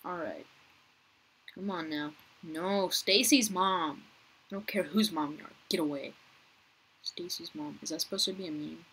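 Against a noisy background, a young woman who makes gaming videos chats casually through her gameplay, addressing viewers and other players. Her deep voice sounds rough and she keeps clearing her throat, talking at normal speed with long pauses.

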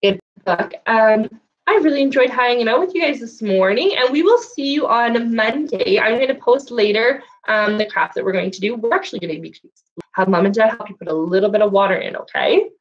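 A woman leading a children's story time and craft lesson, speaking in a sing-song, animated way and doing animal sounds for kids. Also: on the high side, fairly quick, muffled recording. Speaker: children's librarian.

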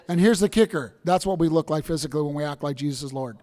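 High-voiced, emphatic male preacher. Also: quick pace, few pauses, long reverb tail. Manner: emphatic, bursts into shouts, acts out stories. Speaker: pastor. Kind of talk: sermon.

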